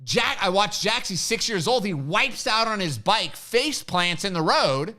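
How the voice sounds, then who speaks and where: A man's voice: high voice, very animated, a little slow, sharp tone. A middle-aged man hosting a casual live-stream chat, a brash joker who tells stories and acts out the quotes. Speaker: podcast host, firearms instructor.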